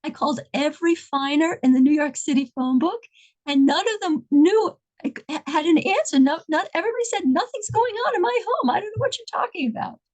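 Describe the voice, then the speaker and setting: Woman doing a hurried, matter-of-fact rabbi on a late-night phone call, high voice. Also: animated, darkish tone. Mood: brisk. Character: brisk male rabbi's secretary on the phone.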